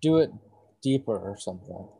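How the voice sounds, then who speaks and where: A man's voice: fairly low pitch, normal speed, gravelly, breathy edge. A man co-hosting a podcast over a video call, trading teasing jabs in casual chat. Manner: teasing, bickering, deadpan jabs. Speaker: podcast co-host.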